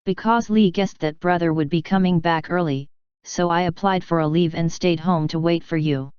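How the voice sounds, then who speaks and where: A soft-spoken sister who seems sweet but schemes, read by a woman in a smooth, clear voice on the low side. The recording is dry and a little dull. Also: steady tone, moderate pace, no echo, lightly acted. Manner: gentle, soft-spoken delivery.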